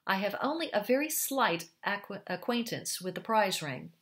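A woman's voice: medium pitch, very animated, normal speed, a bit bright. A woman voicing a proud young male reporter who talks stiffly and formally.

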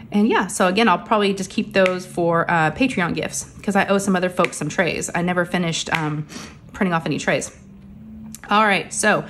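Woman, middle-aged, chatty home crafting vlogger; rambling, a bit short of breath, soft hum behind her. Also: medium pitch. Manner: chatty, rambling, many fillers. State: a little out of breath, under the weather. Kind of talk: casual chat while crafting. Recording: faint background hum of printers.

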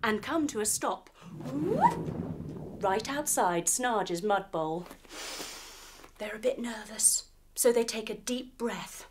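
A woman telling a guided yoga story for children, playful and animated with sound effects. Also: a little high, slow pace, long pauses, noisy background. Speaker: kids' yoga instructor and storyteller.

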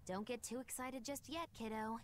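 A woman's voice: on the high side, moderate pace, a little hiss or hum, natural voice. A woman voicing a seasoned pirate woman who talks in a dry, teasing, cautionary way in game dialogue. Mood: wry.

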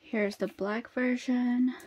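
Excitable young-sounding woman unboxing. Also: a little high, slow pace, slight background noise. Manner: excitable, gasping and squealing over each reveal; drops to soft murmurs between reveals. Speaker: unboxing vlogger. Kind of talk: casual unboxing chat.

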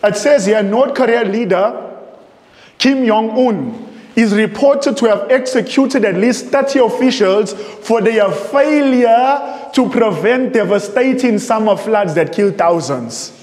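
A man preaching with a high, urgent voice, asking questions and then answering them himself. The sound is roomy and echoes with a long reverb. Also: animated, unhurried, darkish tone. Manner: emphatic, repeats phrases, asks rhetorical questions. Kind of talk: sermon with readings.

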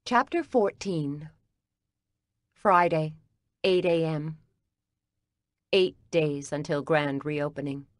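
Woman, audiobook narrator, first-person reading, low voice, dry close sound. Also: slow, pauses often, dry recording.

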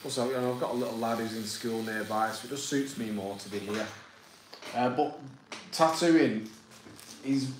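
A man's voice: mid-range voice, normal speed, long pauses, reverberant, background noise. A man with a broad Manchester accent who runs a tattoo studio, talking bluntly and swearing freely in casual chat. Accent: Mancunian.

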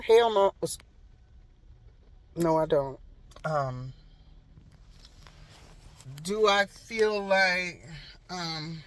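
A woman's voice: fairly low pitch, fairly bright tone, dry recording, low-quality recording. Sassy, emphatic woman vlogging from a car. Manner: sassy, emphatic, repeats herself for effect. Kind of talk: casual storytime vlog. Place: parked car outside a hospital. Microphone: handheld phone camera.

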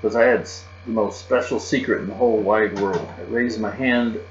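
A man reading a children's chapter book aloud, expressive and lively in a child's first-person voice. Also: lowish voice, normal speed. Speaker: reader. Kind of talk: storybook read-aloud. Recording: muffled, roomy recording with mains hum.

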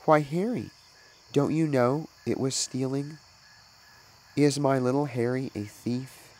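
Storybook mother, read by a man: gentle, earnest, firm, unhurried. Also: mid-range voice, pitched above the performer's own voice, close to an everyday voice, low-quality recording. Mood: sorrowful.

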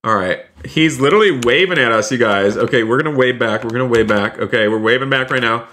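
A man live-streaming a roleplay game, excitedly narrating each move to his viewers and often repeating himself. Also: mid-range voice, fast. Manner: repeats phrases, keeps saying "you guys".

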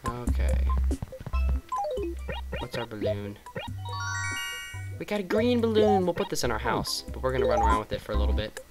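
A man giving casual let's-play commentary over a cozy life game, chatty and rambling. He teases the characters with playful sarcasm as he goes. Loud game music fills the background. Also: on the low side, a little fast, pauses often, poor audio. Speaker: gaming vlogger.

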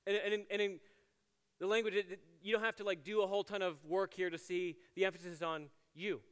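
In a university chapel with long hall reverb, a chapel ministries director gives a casual, chatty sermon full of "like" fillers and playful asides. His voice is high-pitched, smooth and a bit bright, fast, with fairly even intonation.

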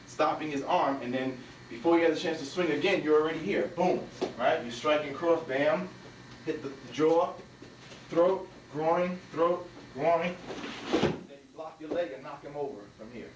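A man teaching a martial arts technique, walking through each move and punctuating the strikes with sharp sound words. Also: normal speed, very noisy. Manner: talks while demonstrating moves, punctuated with "bam" and "boom". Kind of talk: demonstration walkthrough. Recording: echoey room, from a distance.

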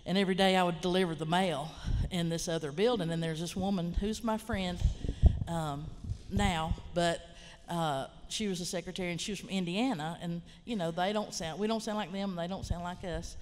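A woman's voice: on the low side, normal speed, a little hiss or hum. Frank Appalachian woman in a hall. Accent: Southern Appalachian. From Appalachia, western North Carolina. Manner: frank, rambling, plainspoken, with mild swearing. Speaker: writer and college teacher on a panel. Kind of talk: casual panel storytelling. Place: large lecture hall.

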